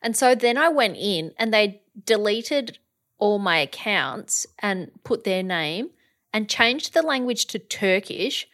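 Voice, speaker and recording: A young woman co-hosting a casual podcast, chatty and animated as she tells stories. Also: mid-range voice, takes it slowly. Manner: chatty storyteller, acts out quotes, laughs. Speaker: podcast co-host. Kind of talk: casual chat.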